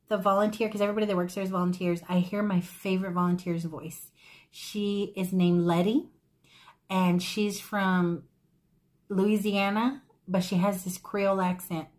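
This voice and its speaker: A woman talking casually into a camera mic at her table. She rambles through a thrift-store story with tangents and gushes warmly to her viewers, her voice sitting in a middle register for a woman. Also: medium pitch. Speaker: thrift haul vlogger. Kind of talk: casual chatty haul vlog.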